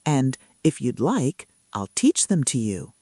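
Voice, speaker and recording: A big, kindly giant from a bedtime storybook speaks in a soft, gentle way, as a woman narrator puts him on. His voice is mellow and slow-paced, with a lively rise and fall. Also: rumbling low, dry recording, clean studio sound, pitched below the performer's own voice, full character voice. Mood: reassuring. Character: gentle kind male giant, huge and calm.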